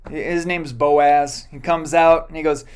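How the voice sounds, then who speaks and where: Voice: medium pitch, fairly even intonation, a little slow, a little mellow, clear, resonant tone. A pastor giving a sermon, retelling a Bible story in a casual, joking way with many fillers and self-corrections.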